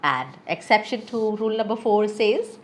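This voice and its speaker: A woman's voice: mid-range voice, lively intonation, moderate pace. A woman teaching English pronunciation, reading word lists one by one with careful stress. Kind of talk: scripted pronunciation lesson.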